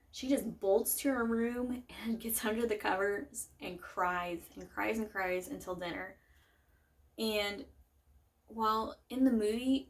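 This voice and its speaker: A young woman chatting casually about a book and its film, rambling with lots of fillers and self-corrections. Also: medium pitch. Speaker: book vlogger. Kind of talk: casual chat.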